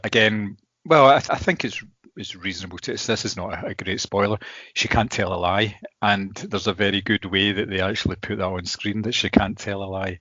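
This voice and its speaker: A man co-hosting a podcast, talking through a film review in a measured, wordy way. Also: fairly low pitch, sharp tone, no echo. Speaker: podcast co-host. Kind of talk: casual film review chat. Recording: dull lo-fi sound, dry.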